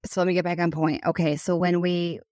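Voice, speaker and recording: A woman's voice: on the low side, level tone, fairly quick, darkish tone, dry recording. A woman in her thirties hosting a solo podcast. She speaks as a financial advisor, earnest and passionate.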